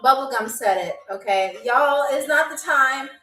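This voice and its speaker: A woman's voice: high-pitched, animated, a little slow, pushed and bright. A woman from New York hosting a live trivia game show, chatty and playful, talking straight to her viewers. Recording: echoey room, distant mic, faint music.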